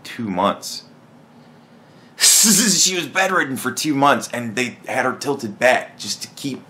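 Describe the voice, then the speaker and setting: A man rambles through a casual solo podcast monologue, blunt and quick to swear. His pitch swings widely as he talks, and he often restarts his sentences. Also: bright, forceful tone. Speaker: podcast host.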